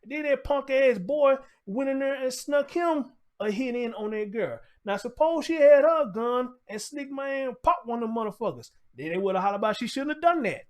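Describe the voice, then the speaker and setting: A man with a notably high voice hosts his own commentary show, venting in a blunt, heated rant full of swearing. He keeps circling back to the same points and talks straight to his audience. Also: lively intonation, moderate pace, a little mellow. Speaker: show host.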